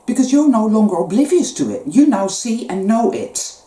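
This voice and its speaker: This spiritual vlogger's medium-pitched, mellow voice swings widely in pitch at a moderate pace. Recorded in an echoey room, her monologue is intense and emotional, broken by occasional gasps and curses.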